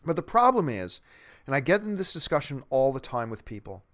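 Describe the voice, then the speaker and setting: A man's voice: mid-range voice, big pitch swings, a little fast, fairly bright tone. A man hosting a movie news show, chatting casually and enthusiastically in a rambling way as he answers a viewer's question, often restarting his sentences.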